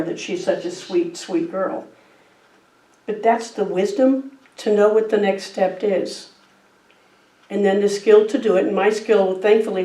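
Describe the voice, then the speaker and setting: A woman's voice: mid-range voice, dark tone. A middle-aged woman giving a sermon, telling a personal story in a conversational, easygoing way. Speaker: guest speaker. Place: church sanctuary. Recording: roomy distant church mic.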